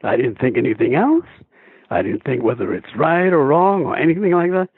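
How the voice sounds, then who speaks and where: A man, a stage and screen actor, telling stories as a guest in a phone interview, chuckling often and animated. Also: on the high side, normal speed, breathy edge, no echo. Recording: tinny phone line.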